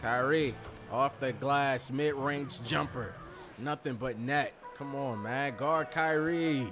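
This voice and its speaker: A man giving casual gameplay commentary, loud and excitable, trash-talking and swinging from mumbles to yells. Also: mid-range voice, slow, over music. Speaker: gaming streamer.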